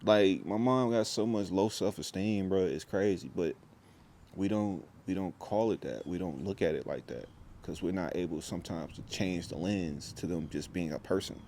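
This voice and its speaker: Deep-voiced man rambling in a vlog. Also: normal speed, a little mellow, a little hiss or hum. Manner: rambling, restarts, slangy and intense. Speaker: vlogger. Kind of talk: casual monologue vlog.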